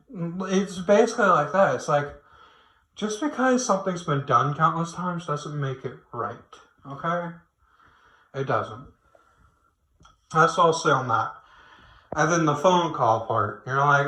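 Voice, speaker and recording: A man's voice: fairly high pitch, unhurried, long pauses, bright, forceful tone. A man giving a casual late-night opinion rant at home, rambling and swearing, with frequent restarts. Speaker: online commentator. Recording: echoey room.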